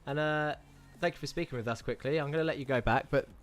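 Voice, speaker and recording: A man's voice: fairly high pitch, fast talker, soft background music. A man with a British accent hosting a live sim racing stream, interviewing drivers, reading chat aloud and calling the race. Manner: chatty, rambling, reads chat messages aloud. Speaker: sim racing host and commentator.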